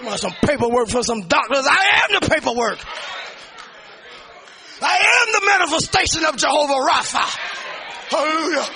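A man preaching a fervent sermon, shouting and calling out hallelujah between lines, then dropping low to tell a story. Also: background noise.

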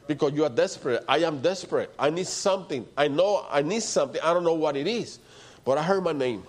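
A man preaches with fervent, emphatic conviction. His voice sits a little high for a man, and it swings between raised passages and hushed ones. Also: expressive, quick pace. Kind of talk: sermon.

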